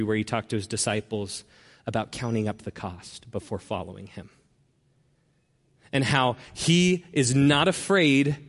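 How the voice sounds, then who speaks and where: A man preaching a sermon as a personal story, earnest and slowing down to stress key words. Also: medium pitch. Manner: earnest storyteller who slows down for emphasis. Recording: long reverb of a large hall.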